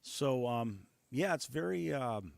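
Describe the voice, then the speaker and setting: A man from the United States, a guest musician talking in a relaxed interview, thoughtful and pausing often with fillers. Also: medium pitch, vocal fry, no echo, studio quality. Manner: thoughtful, many hesitations and fillers. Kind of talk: casual interview talk.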